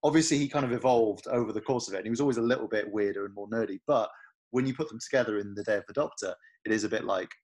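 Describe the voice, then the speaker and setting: Fast-talking chatty male podcast host. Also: on the low side, a little mellow. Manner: fast, chatty, hedging with fillers. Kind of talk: casual chat.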